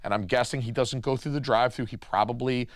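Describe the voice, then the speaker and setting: A man's voice: mid-range voice, fairly even intonation, fast, dry recording, clean studio sound. A man doing casual, rambling film commentary as a horror reviewer, irreverent, with crude jokes.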